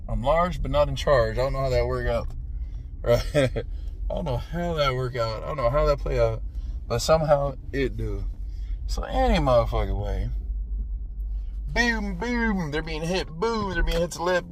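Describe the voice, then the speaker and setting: A man in his thirties giving a casual, profane movie review, punctuating the retelling with "boom" sound effects and "right?" after nearly every line. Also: a little hiss or hum. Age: 30s. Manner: animated, profane, says "right?" constantly.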